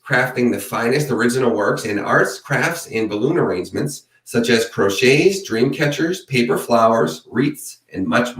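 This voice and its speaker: A man's voice: medium pitch, a bit bright. Chatty New man, roomy and distant. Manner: chatty and rambling, reading out viewer chat. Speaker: true crime channel host. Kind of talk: casual live-stream sign-off.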